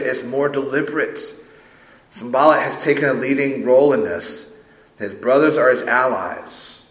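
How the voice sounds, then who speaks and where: A man's voice: a little high, a bit bright. Guy preaching a sermon, emphatic but chatty, echoey room. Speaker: pastor. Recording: roomy echo.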